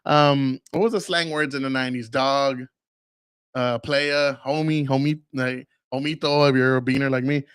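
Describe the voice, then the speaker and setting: A man's voice: medium pitch, steady tone, moderate pace, fairly bright tone, smooth, dry recording, clean studio sound. A man in his forties hosting a casual solo podcast, rambling and swearing freely between fillers, with a lingering cough. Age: 40s. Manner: loose, profane, rambling with many fillers. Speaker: podcast host.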